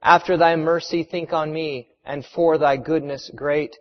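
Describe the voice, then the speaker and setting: A man voicing a calm, steadfast young woman martyr who answers softly and quietly, heard in a sermon retelling. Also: fairly high pitch, a little slow, natural voice. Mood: prayerful. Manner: quiet, soft-spoken replies. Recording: reverberant hall, muffled sound.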